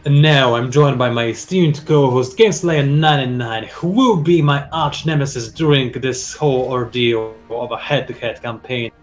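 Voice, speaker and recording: A man's voice: medium pitch, normal speed, few pauses, faint music behind. Playful man hosting a game session. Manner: playful, explains the game mode as he plays. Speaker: host and player. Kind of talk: casual gameplay commentary.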